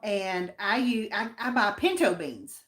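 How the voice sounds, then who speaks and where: A woman's voice: mid-range voice, very animated, measured pace, a bit bright. A woman with an Appalachian accent co-hosting a livestream, chatting in a homey, folksy way and reading viewer comments. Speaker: livestream co-host. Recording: roomy echo.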